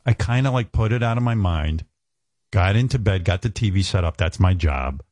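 Male radio host, low voice, dry studio sound, chatty animated storyteller. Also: normal speed, dry recording. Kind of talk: casual on-air chat and storytelling.

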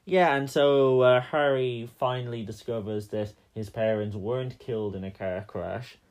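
A man's voice: mid-range voice, steady tone, normal speed, a little mellow. A man co-hosting a casual podcast, recapping a film in a joking, rambling way with lots of fillers. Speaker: podcast co-host.

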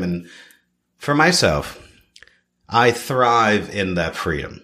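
Man, 30s, from Canada; low-pitched, expressive guest chef, repeats phrases for emphasis. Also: slow, long pauses. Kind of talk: podcast interview.

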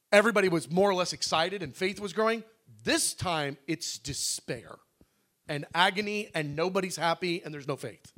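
Animated, bright-voiced male preacher. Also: fairly high pitch. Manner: animated, acts out dialogue, frequent restarts. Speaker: pastor telling a testimony. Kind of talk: conversational sermon storytelling.

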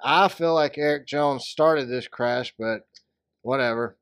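Joking around and drifting off topic about races, this sports podcast co-host slips into silly voices during casual chat. His mid-range voice is a little slow, fairly bright and clean, in a dry, studio-quality recording.

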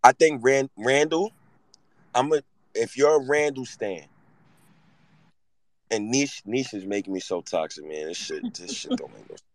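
A man's voice: medium pitch, measured pace, long pauses, dry recording, low-quality recording. A man in his thirties, hosting a casual sports talk show and ranting with lots of profanity. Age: 30s. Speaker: host.

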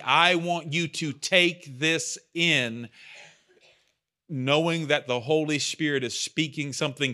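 Bright-voiced chatty man preaching. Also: fairly high pitch. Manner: chatty, rambling, self-deprecating asides. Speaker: pastor. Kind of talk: casual sermon talk.

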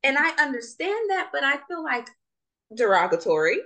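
A young woman from Jamaica co-hosts a casual podcast chat. Her voice is bright and ringing, and her pitch swings widely as she talks. She is animated and often laughs mid-sentence. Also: normal speed. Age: young adult. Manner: animated, laughs while talking. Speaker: podcast co-host.

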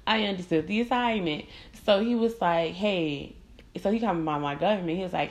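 A woman's voice: fairly low pitch, brisk. A young adult woman hosting her own podcast, telling candid, profane stories in casual chat and acting out the people she quotes. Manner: candid, profane, animated storytelling with quoted voices. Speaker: podcast host. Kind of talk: casual storytelling monologue.

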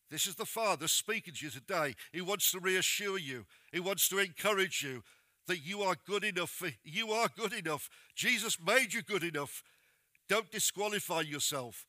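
A man's voice: a little high, lively intonation, normal speed, bright, forceful tone, no room sound. A man preaching a sermon, plain-spoken and direct as he urges his congregation on.

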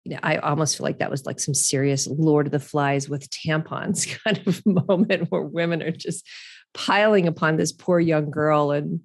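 A middle-aged woman with a notably low, deep voice hosts her own podcast. She talks in a loose, candid, chatty way, restarting her sentences and dropping casual profanity. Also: steady tone, moderate pace. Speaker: podcast host. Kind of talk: casual solo podcast monologue.

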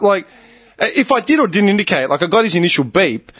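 A man in his thirties with an Australian accent, telling a story in casual chat, animated and swearing a lot as he acts out what people said. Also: high voice, quick pace.

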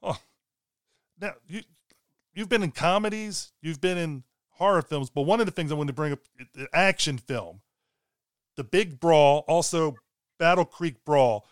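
Smooth-voiced male podcast host. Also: on the high side, unhurried, dry recording, clean studio sound. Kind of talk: casual interview.

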